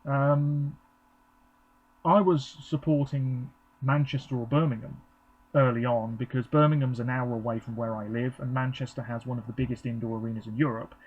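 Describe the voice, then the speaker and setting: A man's voice: mid-range voice, fairly even intonation, normal speed, a little mellow, dull audio. A man giving a chatty, rambling live reaction, with frequent ums. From England. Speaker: vlogger. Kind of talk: casual live reaction commentary.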